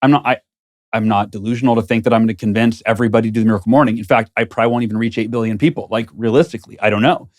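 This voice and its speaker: A man's voice: on the low side, steady tone, racing. A man as a guest author in an interview, talking earnestly and thinking aloud in a studio. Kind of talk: casual interview conversation.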